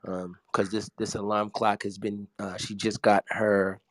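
A middle-aged man, a pastor, chatting in a relaxed, unhurried way with frequent ums. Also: on the low side, no room sound. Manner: relaxed and slow, many ums. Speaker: pastor and co-host. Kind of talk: casual morning check-in.

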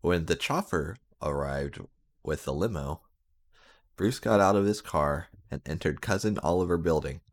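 Male reader, very low voice, sarcastic comedic reading of bad fan fiction. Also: moderate pace. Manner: sarcastic, breaking into laughter.

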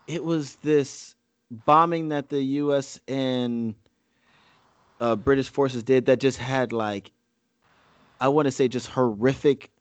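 A man's voice: mid-range voice, no room sound. A man in casual conversation as a co-host, rambling with frequent fillers and restarts, and reading a speech aloud. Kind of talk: casual chat.

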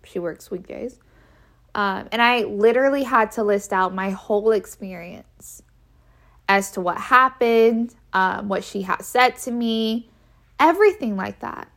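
A woman's voice: medium pitch, unhurried, creaky, a bit bright. A woman telling a personal story in a casual, frank way, stressing her points by repeating them. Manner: emphatic, repeats key phrases for effect; frank and conversational, with fillers.

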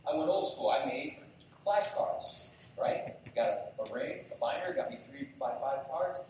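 A man preaching a sermon as pastor, telling stories with lively energy and asking the congregation questions directly. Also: a little high, measured pace, a little hiss or hum. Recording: very echoey hall, distant mic.

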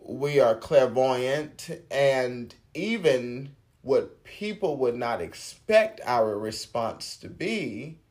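A man giving a relaxed personal sermon, speaking in a halting way with restarts and soft laughs. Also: mid-range voice.

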